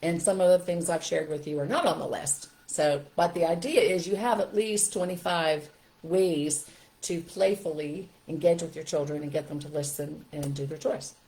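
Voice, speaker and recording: An older woman teaching a live video lesson as a parenting coach, animated and chatty. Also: low-pitched, normal speed.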